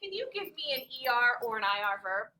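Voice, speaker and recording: A woman with a high, bright voice teaching a classroom lesson, swooping up and down as she quizzes her students in a playful way. She is picked up from across the room. A faint hiss sits under the voice. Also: sing-song, fast. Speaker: Spanish teacher. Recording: distant classroom mic.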